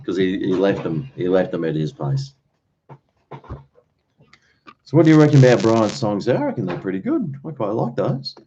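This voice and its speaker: An Australian host on a late-night livestream talks fairly quickly in a mellow, lowish voice with huge swings in pitch. He rambles easily and chuckles between thoughts, while the dull lo-fi audio carries a little hiss or hum.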